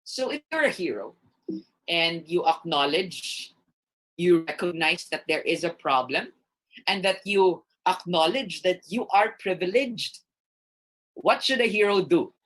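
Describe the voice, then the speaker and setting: A man's voice: sits high, expressive, a little slow, fairly bright tone. A man with a Filipino accent giving an interactive motivational talk to a student assembly, playfully quizzing his listeners over a video call. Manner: playful, quizzing the audience, mixing English and Tagalog. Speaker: speaker at a student government assembly.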